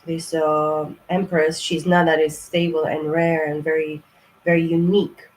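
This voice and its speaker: A woman with a low-pitched, level, somewhat mellow voice talks unhurriedly through a tarot reading, rambling with many fillers and restarts. She is blunt, emphatic and freely profane. The audio is poor, with faint ambient noise behind her.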